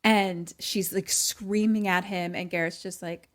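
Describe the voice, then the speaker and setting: A woman's voice: on the low side, unhurried. A woman co-hosting a podcast over a remote call, casually retelling a film plot and acting out the characters' lines with frequent laughter. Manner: animated, acts out characters' lines, laughs often. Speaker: podcast co-host.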